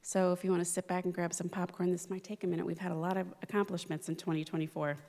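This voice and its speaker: A woman presiding over a city council meeting, hoarse from losing her voice, reading an upbeat list of the year's accomplishments. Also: on the low side, little pitch movement, fast, dark tone. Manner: reads a long list of figures, upbeat. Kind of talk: council meeting year-in-review remarks. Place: council chamber. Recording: reverberant council chamber.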